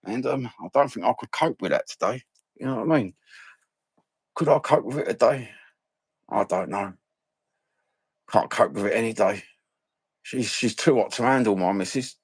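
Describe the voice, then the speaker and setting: A man's voice: on the low side, moderate pace, long pauses, husky. A middle-aged man with an East London accent, hosting a rambling live stream, talking in sweary, blokey banter.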